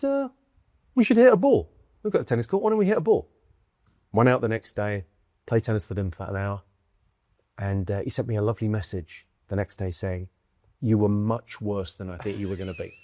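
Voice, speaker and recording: A British man in his own voice, chatting animatedly as an interview guest, with a mid-range pitch. He acts out quoted lines in quick bursts. The sound is close and dry. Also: no room sound. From United Kingdom. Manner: quick, lively storytelling with acted-out quotes and bursts of laughter. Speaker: guest comedian. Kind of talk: animated conversational storytelling.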